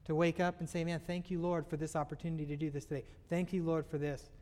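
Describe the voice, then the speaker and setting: A man's voice: fairly high pitch, flat delivery, fast talker, a little mellow. A man preaching a sermon, speaking earnestly and slipping into acted-out voices of everyday complaints. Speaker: pastor.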